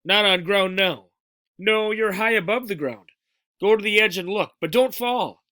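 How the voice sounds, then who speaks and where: A man voicing an eager, excitable young boy who exclaims breathlessly, in a storybook read-aloud. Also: high-pitched, a little slow, no room sound. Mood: earnest.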